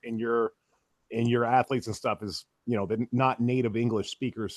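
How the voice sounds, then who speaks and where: A man hosting a casual podcast as a strongman coach, talking quickly and energetically. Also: on the low side, dry recording, clean studio sound.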